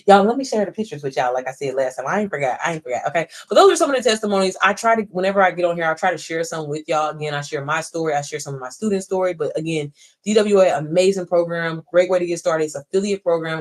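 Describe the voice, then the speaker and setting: A woman in her thirties giving a casual, emphatic pep talk to viewers on a phone livestream from home, mixing swearing with encouragement. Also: deep voice. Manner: emphatic, preachy, swearing, talks straight to viewers. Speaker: online business coach.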